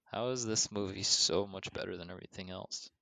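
Deep, gravelly young male podcast co-host. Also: steady tone, brisk, pushed and bright, dry recording, poor audio. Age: young adult. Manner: laid-back, brief agreeing replies. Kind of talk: casual chat.

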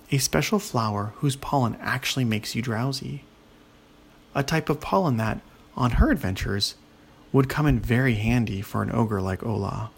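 Gravelly male children's storyteller. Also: mid-range voice.

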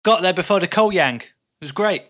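A cheeky, brash male rogue talks in a chummy, slangy way, sounding breezy and unbothered, as a player puts him on. His voice has a bright, forceful edge and sits a little above the player's usual pitch. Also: animated, normal speed.

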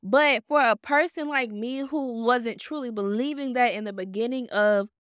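A woman in her twenties hosting a podcast, telling her story in a blunt, profane, animated self-help monologue. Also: fairly high pitch, moderate pace, clear, resonant tone, no room sound, clean studio sound. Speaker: podcast host.

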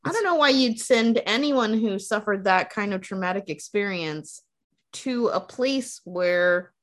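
Woman co-host, lively rising and falling voice, blunt and emphatic. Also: medium pitch, unhurried. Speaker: podcast co-host. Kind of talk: casual movie review chat.

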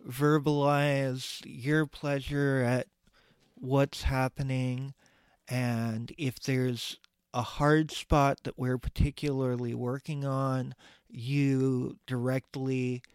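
Male podcast co-host with a smooth, clear voice and an unhurried, reflective delivery. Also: mid-range voice, no room sound. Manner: soft-spoken and reflective, with frequent agreeing murmurs. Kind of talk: casual podcast chat.

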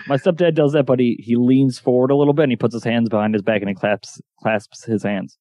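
A man co-hosting a casual movie chat, quick with jokes. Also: mid-range voice, steady tone, mellow, no echo. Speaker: podcast co-host.

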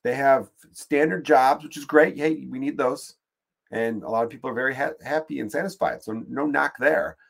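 A man's voice: medium pitch, moderate pace, vocal fry. Crude rambling podcast man. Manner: crude, rambling, swears freely. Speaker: podcast host. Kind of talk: casual comedic monologue.

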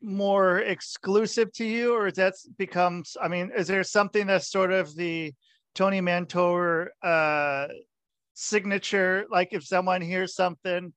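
A man hosting a podcast interview, asking halting, loosely phrased questions. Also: high voice, fairly even intonation, a bit bright, no room sound. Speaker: podcast host. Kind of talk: casual interview chat.

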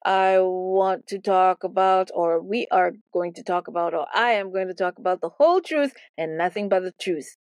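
A woman's voice: lowish voice, normal speed, few pauses, a little mellow, dry recording. A woman teaching a Bible lesson as playful, theatrical storytelling, often repeating words for effect.

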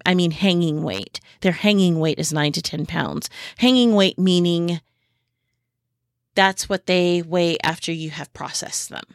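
A woman hosting a podcast in a casual, informative way, unhurried and pausing often with fillers, sharing what she has learned firsthand on her homestead. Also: fairly low pitch, smooth, dry recording, clean studio sound. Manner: unhurried, with many pauses and fillers; speaks from personal homestead experience. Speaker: podcast host.

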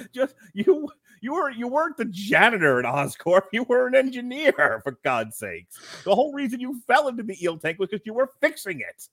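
A man chatting casually as a podcast co-host. His pitch swoops around as he talks, and he breaks into laughter and acts out little quotes. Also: sing-song, normal speed, fairly bright tone, no echo, studio quality. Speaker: podcast co-host reviewing a film. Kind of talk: casual chat.

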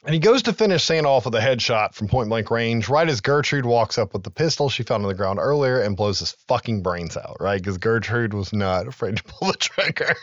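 A man's voice: medium pitch, no echo, muffled recording. A man in his thirties, a podcast co-host, recapping a film in casual chat and acting out its lines with laughs.

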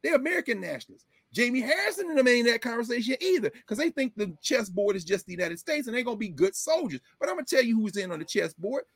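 A man's voice: very high-pitched, sing-song, quick pace, hardly any pauses, slightly rough, dry recording, clean studio sound. A man hosting casual political commentary, talking emphatically with folksy asides.

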